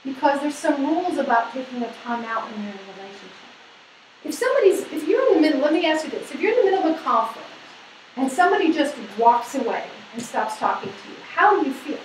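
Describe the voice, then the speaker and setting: High-voiced woman lecturing in an echoey hall. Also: fast talker, a little hiss or hum. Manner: lively, asks the audience questions, acts out quoted people. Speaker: seminar presenter. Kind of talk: lecture to a women's group. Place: hall or meeting room. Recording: echoey room, mic at a distance.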